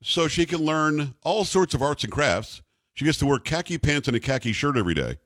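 A man's voice: fairly high pitch, animated, fairly quick, a bit bright, no room sound, studio quality. A man hosting a talk radio show, ranting indignantly and repeating the call-in number.

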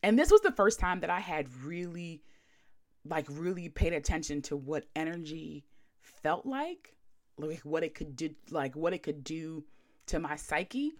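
A woman's voice: sits low, expressive, measured pace. Chatty, slangy woman podcast host. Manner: chatty and slangy, lots of "like" fillers; blunt and wry. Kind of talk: casual storytelling.

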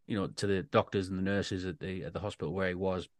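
Low british guy rambling on a podcast, lots of ums, dry close sound. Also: fairly even intonation, fast, no room sound. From Britain. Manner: rambling, lots of fillers and restarts. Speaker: podcast co-host. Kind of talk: casual chat.

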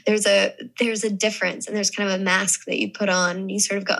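A young actress talks through an interview in a relaxed, reflective way. Her voice is bright and ringing, and she speaks at an even middle pitch. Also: fast, creaky, few pauses, rough recording. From American South. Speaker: actress guest. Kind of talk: casual interview talk.

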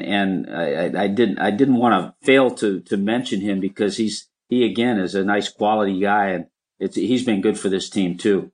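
Older man, low-pitched, slightly hoarse, rambling reminiscences, interview guest. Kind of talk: casual interview chat.

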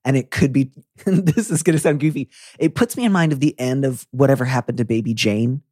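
A young adult man hosting a podcast, chatting in an effusive, animated way. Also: mid-range voice, brisk, dry recording, clean studio sound. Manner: animated, effusive, breaks into quoted voices. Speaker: podcast host. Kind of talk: casual conversational chat.

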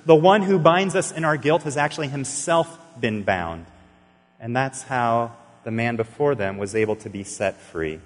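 A man preaching a sermon as pastor, earnestly telling stories and acting out the dialogue in them. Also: medium pitch. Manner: earnest storytelling, acting out dialogue with sudden bursts. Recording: long reverb of a large hall.

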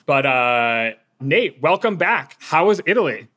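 A man's voice: a little high, big pitch swings, measured pace, a bit bright. A man hosting a politics podcast, reading his intro and joking with his co-hosts in a casual chat. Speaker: podcast host.

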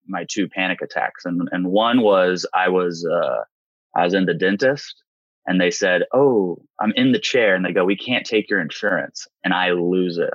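A man's voice: sits low, no room sound, lo-fi sound. Man in his thirties telling his story. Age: 30s. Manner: animated storyteller, acts out quotes. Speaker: guest. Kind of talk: candid personal interview.

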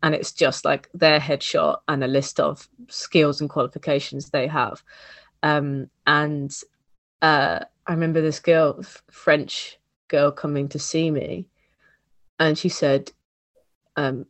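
Male podcast host, casual, halting chatter, dry studio sound. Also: fairly high pitch, flat delivery, a bit bright, dry recording. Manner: chatty, many restarts and "like" fillers.

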